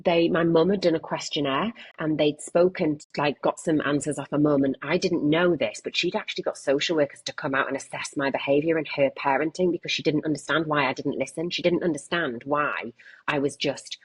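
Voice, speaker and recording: A low, husky-voiced English woman in her late twenties speaks frankly as a podcast guest. She rambles through her thoughts with plenty of restarts and the odd casual swear word. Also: fairly quick, low-quality recording. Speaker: guest, content creator. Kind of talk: candid podcast conversation.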